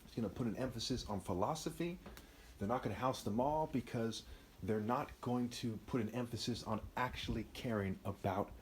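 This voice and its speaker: Male vlogger, mid pitch, rambling and emphatic, unscripted monologue. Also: fairly quick, a little hiss or hum. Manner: rambling, emphatic, frequent "right?" asides.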